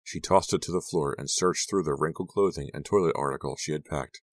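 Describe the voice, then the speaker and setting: Man, audiobook narrator, extremely deep voice, measured storytelling, dry close recording. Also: no room sound.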